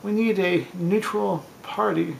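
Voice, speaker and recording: A man's voice: high-pitched, fairly even intonation, takes it slowly, vocal fry, a little hiss or hum, poor audio. A man reading a string of clean bar jokes in a plain storytelling way, with small stumbles and restarts. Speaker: joke teller.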